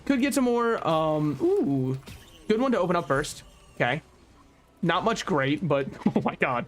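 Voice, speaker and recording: A man's voice: sits high, lively intonation, a little slow. A man streaming a video game, rambling and joking in casual commentary and often laughing at his own remarks.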